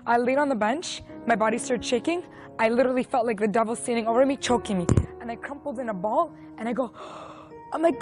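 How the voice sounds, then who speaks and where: A woman's voice: on the high side, brisk, a little mellow, soft background music. A woman in her twenties giving an earnest, emotional personal faith testimony. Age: 20s. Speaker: testimony speaker.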